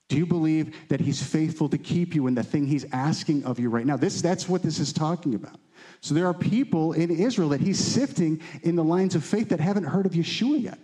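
A man's voice: a little high, warm tone. A man teaching a Bible study to a live group, reading scripture aloud and asking the room questions in a conversational way. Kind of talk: teaching sermon.

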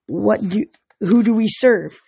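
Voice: mid-range voice, slow pace, vocal fry, warm tone, husky, no room sound, dull audio, heavily acted. A reader doing a stern monster teacher. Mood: lecturing. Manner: lecturing, questioning a class. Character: monster instructor, tall sea-dog creature, stern.

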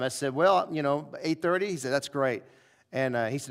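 A male preacher telling a personal story in a revival sermon, acting out the dialogue with lively shifts of voice. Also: a little high, fairly quick. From southern United States.

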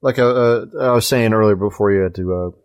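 A man's voice: lowish voice, quick pace. A man hosting a casual gaming podcast, speaking hesitantly with frequent stammered restarts. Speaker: podcast host.

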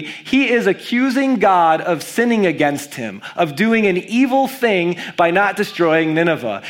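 A pastor preaches a sermon, reading scripture aloud and giving key words animated emphasis. His voice sits high.

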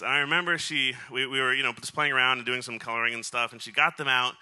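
A middle-aged man shares a personal story during a sermon, his voice very bright and sharp-edged. He speaks in a mid range, chatty and meandering, dropping fillers everywhere and slipping in little self-mocking jokes. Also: medium pitch, steady tone, fast, clear, resonant tone. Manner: self-deprecating humor.

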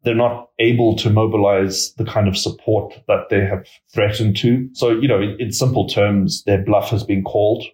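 A man explains his analysis in a measured, conversational way, padding his sentences with hedges and fillers. His voice sits on the low side. The recording carries a noticeable roomy echo. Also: steady tone, darkish tone. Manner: measured, hedging with many fillers. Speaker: political risk analyst guest. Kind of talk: conversational expert commentary.

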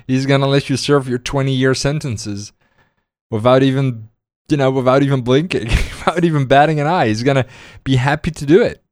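A man in casual political chat, sarcastic and halting, often laughing as he talks. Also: mid-range voice, dry recording, studio quality.

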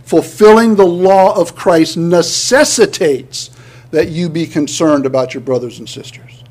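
A man's voice: on the high side, a little slow, darkish tone. A male pastor preaching a sermon, earnest, often restarting words and building to emphatic points.

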